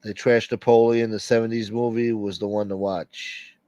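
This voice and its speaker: A man's voice: lowish voice, level tone, moderate pace, dark tone, no echo, highs cut off. A man hosting a casual livestream, reading viewer comments and rambling with plenty of profanity. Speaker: livestream host reading chat. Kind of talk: casual late-night stream chat.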